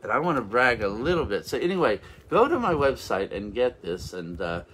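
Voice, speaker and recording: A man's voice: medium pitch, very animated, a little fast, a bit bright, breathy edge. A man giving an informal, rambling sermon as a revival minister, with frequent restarts and interjections of praise.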